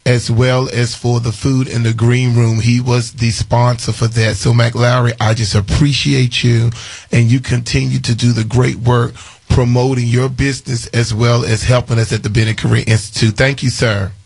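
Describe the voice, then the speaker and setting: Gravelly husky male radio host. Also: medium pitch, flat delivery, moderate pace, a little mellow. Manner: effusive, repeats names and thanks. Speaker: radio morning show host. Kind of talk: casual call-in radio chat.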